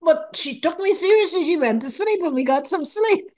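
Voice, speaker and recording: A woman's voice: extremely high pitch, normal speed. An older woman telling her story as an interview guest, acting out her own past thoughts and laughing now and then. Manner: expressive, acts out her own past thoughts, laughs often, repeats words. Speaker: interview guest recounting a near-death experience. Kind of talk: animated personal storytelling.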